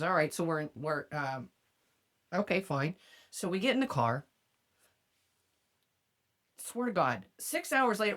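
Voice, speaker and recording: A woman's voice: mid-range voice, a bit bright. A woman hosting a podcast, telling a profane story in casual chat and laughing often. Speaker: podcast host.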